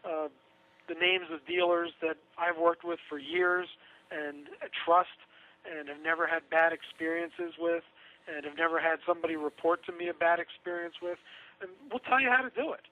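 A man's voice: fairly high pitch, steady tone, normal speed. A man talking casually on a radio show, chatty and sarcastic, laughing through his own asides. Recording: tinny phone line.

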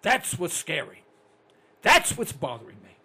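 Excitable older talk radio host, gravelly. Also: male voice, on the high side, measured pace. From United States. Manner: ranting, excitable, blunt.

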